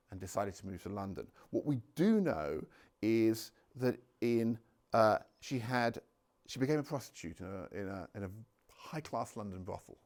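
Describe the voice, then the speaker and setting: Male local history speaker in a village hall, lowish gravelly voice, lots of ums. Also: darkish tone. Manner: halting, many ums and restarts. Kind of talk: public talk with slides.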